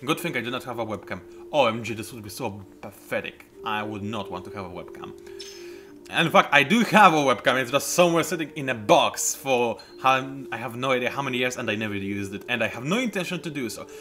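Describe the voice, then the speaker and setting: A man's voice: medium pitch, expressive, brisk. A man, chatting casually and rambling off topic while commenting on a game he plays at home. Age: 20s. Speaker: let's play host. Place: home room.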